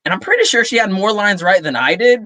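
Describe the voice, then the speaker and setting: A person, a cast member, fondly and emotionally recalling a performance. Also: female voice, mid-range voice, quick pace, dry recording. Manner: animated, laughing, emotional. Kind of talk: casual group reminiscing.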